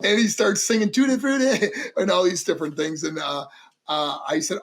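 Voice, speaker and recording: A middle-aged man from New York, an interview guest telling lively anecdotes in casual storytelling and acting out other people's voices. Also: high-pitched, moderate pace. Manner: animated, acts out voices in anecdotes. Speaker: interview guest, former wrestler.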